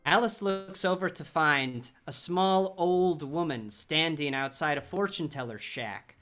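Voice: mid-range voice, a little slow, soft background music. A narrator telling a horror audio drama in a vivid storytelling style. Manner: vivid, storytelling delivery with sound-effect shouts.

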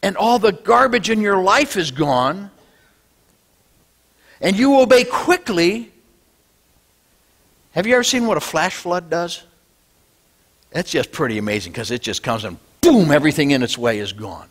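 A male pastor delivers a Sunday sermon in a church sanctuary. His voice sits high and swings widely, rising to loud declarations and sinking to hushed lines. He sometimes drifts away from the microphone. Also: unhurried, long pauses. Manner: animated preaching, swinging between loud declarations and low, quiet lines.

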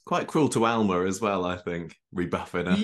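A man's voice: sits low, normal speed, a bit bright. A man hosting a podcast, asking questions with brief, friendly prompts. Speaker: podcast host. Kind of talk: casual interview questions.

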